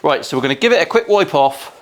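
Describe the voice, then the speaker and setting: A man's voice: fairly high pitch, lively intonation, fast talker. Forties man, luthier, casual workshop chat, cheeky and crude, swears freely. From England. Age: 40s. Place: guitar workshop.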